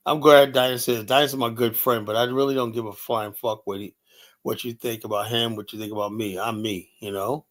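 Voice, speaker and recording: A man's voice: mid-range voice, fairly even intonation, a little fast. A man hosting a livestream, talking in a grumpy, profane, rambling way. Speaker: livestream host. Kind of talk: casual ranting livestream talk.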